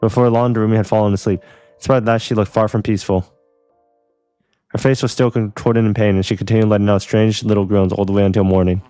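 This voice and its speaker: A man reading a visual novel story aloud as its narrator, plain and rapid, over faint music. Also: lowish voice, little pitch movement, mellow, clear, resonant tone, no room sound.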